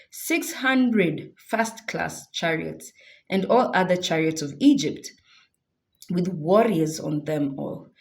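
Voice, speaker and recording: A woman reading scripture aloud with expressive delivery and casual asides of her own. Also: mid-range voice. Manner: expressive, animated, adds comments and affirming hums. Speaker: Bible reader.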